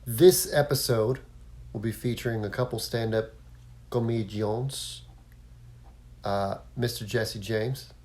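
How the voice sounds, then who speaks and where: A man's voice: fairly low pitch, fairly even intonation, slow pace, long pauses, a little mellow. A man hosting a casual solo podcast, rambling along with lots of fillers and restarts. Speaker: podcast host.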